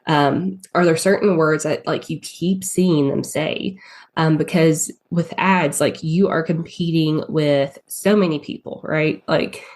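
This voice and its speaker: A low-pitched woman with a Southern US drawl talks through a podcast interview with a cold. Her delivery is chatty and loose, peppered with filler words as she thinks aloud. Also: fairly even intonation, unhurried, a little mellow. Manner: chatty, lots of ums and likes. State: has a cold. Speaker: guest, paid ads strategist.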